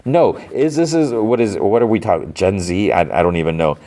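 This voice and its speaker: Podcast host, man, middle-aged, very low voice, casual rambling recap. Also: quick pace, few pauses. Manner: rambling, animated retelling with many fillers and restarts.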